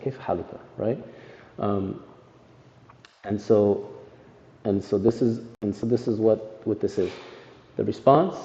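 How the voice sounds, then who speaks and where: Gravelly, dark-voiced male Arabic teacher. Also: fairly low pitch, fairly even intonation, normal speed, pauses often. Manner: explains step by step, checks in with "right?" constantly. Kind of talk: classroom lesson. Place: classroom in a mosque. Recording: echoey hall, muffled sound.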